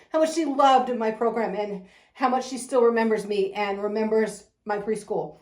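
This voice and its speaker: Speaking fairly fast in a steady, slightly mellow, higher-pitched voice, this woman owns and teaches at a preschool. Her promotional talk about it is effusive and gushing, full of laughter, and the room is reverberant.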